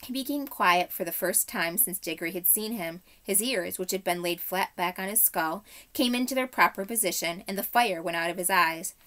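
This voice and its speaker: A woman teacher reading a storybook aloud to her class in a measured, expressive way. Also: lowish voice.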